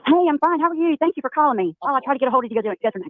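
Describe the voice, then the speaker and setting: A woman's voice: high-pitched, lively intonation, slight background noise. Upset woman on a tinny phone line. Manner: upset, tearful, halting storytelling. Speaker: caller. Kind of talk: emotional phone call on a livestream.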